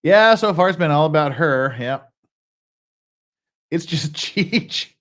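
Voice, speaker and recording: Joking, animated man from Utah. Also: on the high side, slow pace. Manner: joking, sarcastic, laughs often. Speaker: host commenting on police footage. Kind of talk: live-stream commentary.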